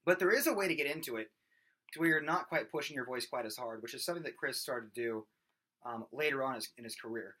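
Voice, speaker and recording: A vocal coach gives a casual singing lesson, speaking fast in a mid-range voice. His explanations are loose and rambling, full of fillers and restarts, and broken up by loud belted and screamed sung examples.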